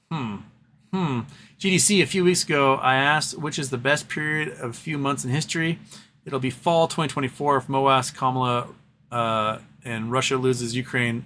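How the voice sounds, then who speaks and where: A man's voice: medium pitch, fairly bright tone, a little hiss or hum. A man hosting a casual livestream, reading chat aloud and rambling between topics. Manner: rambling, reads chat aloud, baby-talks to his cat. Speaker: livestream host.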